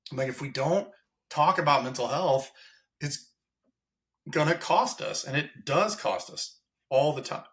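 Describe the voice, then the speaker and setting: A man's voice: on the high side, unhurried, pauses often, fairly bright tone. A man, a fire captain, telling his story as a guest in a candid podcast interview, earnest and impassioned.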